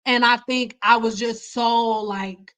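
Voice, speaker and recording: A young woman from Detroit telling stories in a casual livestream, chatty and animated, jumping into other people's voices. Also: takes it slowly, low-quality recording. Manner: animated, chatty, acts out quoted people with big pitch jumps. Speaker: hair care livestream host.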